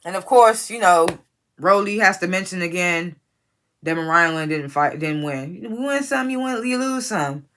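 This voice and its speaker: A woman's voice: lowish voice, animated, moderate pace, fairly bright tone. A woman giving a casual, profane recap of a reality show. She is blunt and opinionated and talks straight to the cast members she is judging. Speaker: reality TV reviewer.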